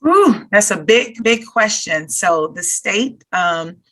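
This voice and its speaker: Bright-voiced woman, unhurried answers. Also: medium pitch, expressive. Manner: earnest, unhurried, with frequent fillers. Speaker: candidate for sheriff, retired police officer. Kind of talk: candid interview answers.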